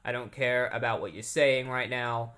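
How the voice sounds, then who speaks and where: A man's voice: mid-range voice, steady tone, normal speed, sharp tone, close to an everyday voice. A man voicing a grim, furious male vigilante hero, speaking curtly and angrily in a voice close to his own. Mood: angry. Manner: curt, angry, clipped.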